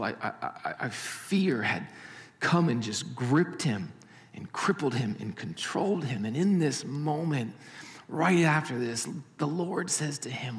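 A man preaching a sermon in an animated storytelling manner, swinging between loud and hushed. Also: mid-range voice, measured pace, long reverb tail. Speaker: pastor.

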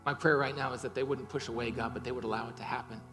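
A man's voice: mid-range voice, steady tone, rapid-fire, fairly bright tone, long reverb tail, soft background music. A man preaching a sermon and leading a closing prayer, impassioned, with rising and falling emphasis and repeated words. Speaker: pastor.

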